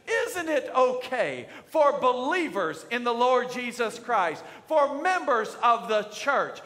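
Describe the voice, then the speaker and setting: A male pastor preaches in a bright, high voice that rings through a church hall. He leads the congregation in call-and-response and climbs into shouted declarations. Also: big pitch swings, slow pace, hardly any pauses. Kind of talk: sermon. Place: church sanctuary.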